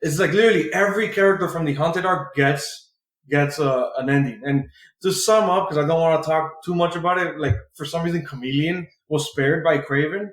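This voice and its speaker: The recording, made in a roomy room with echo, features a male podcast co-host recapping a comic in a casual, rambling way full of filler and free swearing. He talks fairly quickly with a fairly high pitch.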